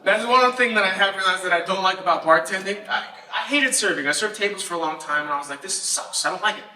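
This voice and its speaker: A man's voice: high-pitched, fast, sharp tone. Sarcastic young comedian man, echoey stage. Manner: punchy, sarcastic storytelling with crowd work. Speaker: stand-up comedian. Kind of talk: stand-up comedy set. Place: comedy festival stage before a live audience. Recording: echoey live room, mic far off, noisy.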